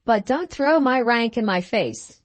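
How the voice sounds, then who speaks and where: A woman reading the part of a blunt, plain-spoken gentleman farmer in an audiobook, with an earnest, emphatic manner. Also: fairly high pitch, animated, measured pace, dry recording.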